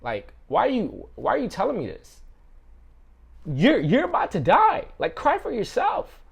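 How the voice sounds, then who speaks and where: A man's voice: high-pitched, huge pitch swings, a little slow, gravelly, husky, voice pushed up, heavily acted. A man voicing an exasperated, incredulous male doctor inside a sermon story. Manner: incredulous, rising and pleading.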